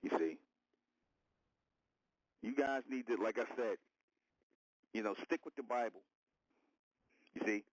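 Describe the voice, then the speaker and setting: A man's voice: mid-range voice, a little slow, long pauses, no room sound, rough recording. A man hosting an internet radio show, lecturing his listeners in a repetitive, confrontational monologue. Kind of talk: preaching monologue.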